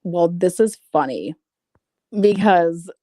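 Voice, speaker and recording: A woman with a fairly low, animated, mellow voice reads out private messages slowly and comments on them bluntly, profanely and sarcastically. It's casual commentary over screenshots, recorded with clean studio sound and no room sound.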